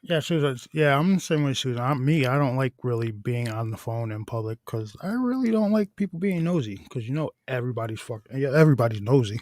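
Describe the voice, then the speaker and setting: A man's voice: medium pitch, animated, fast, hardly any pauses, a little mellow. A man co-hosting a casual talk show, telling anecdotes in a rambling way, often restarting sentences and swearing casually. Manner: rambling storyteller, self-corrects, casual swearing. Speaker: podcast co-host. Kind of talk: casual chat.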